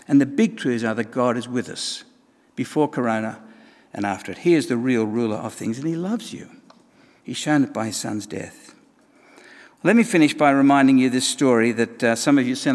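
A man's voice: mid-range voice, big-room sound. A man preaching a sermon in a conversational way, with wry asides and emphatic points.

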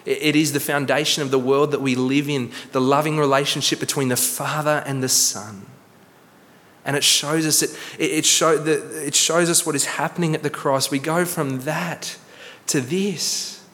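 A man preaching a sermon as pastor, earnest, slowing for emphasis and repeating words. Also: on the high side, steady tone, a bit bright. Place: church hall. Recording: long church reverb.

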